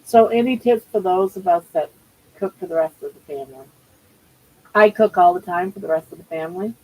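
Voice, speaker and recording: A woman's voice: lowish voice, brisk, warm tone, rough recording. Chatty older woman hosting a livestream. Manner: chatty and rambling, with frequent restarts. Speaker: livestream host. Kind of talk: casual live chat. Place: at home.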